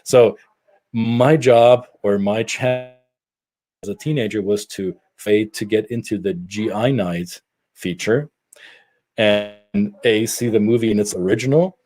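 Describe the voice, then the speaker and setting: A middle-aged man from Germany, telling stories in a casual podcast chat, animated and prone to restarts. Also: lowish voice, moderate pace, husky. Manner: animated storyteller with frequent restarts. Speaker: podcast co-host.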